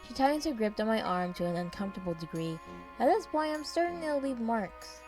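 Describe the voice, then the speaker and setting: Mellow-voiced woman narrating a story. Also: fairly high pitch, very animated, brisk, soft background music. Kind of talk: first-person story narration.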